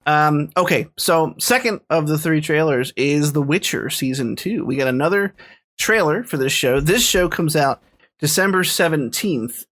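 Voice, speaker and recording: A man's voice: a little high, expressive, moderate pace, a bit bright. A man co-hosts a casual podcast, his voice sitting a little above the usual male range. He rambles with enthusiasm and restarts often. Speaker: podcast co-host. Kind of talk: casual chat.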